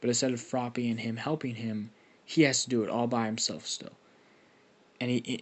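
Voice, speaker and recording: A young man casually improvising a fan story, rambling and swearing with lots of restarts. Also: mid-range voice.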